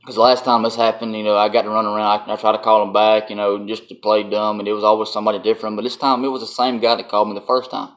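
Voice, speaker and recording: A man's voice: fairly low pitch, flat delivery, racing, hardly any pauses. A man, telling a casual vlog story in a blunt, folksy way and laughing often. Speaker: vlogger.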